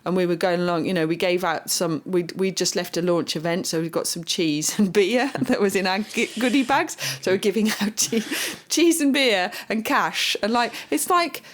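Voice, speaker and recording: A woman co-hosting a podcast, chatting about politics in an animated, exasperated way, asking questions and laughing often. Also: medium pitch, moderate pace, hardly any pauses. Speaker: podcast co-host. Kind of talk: casual political chat.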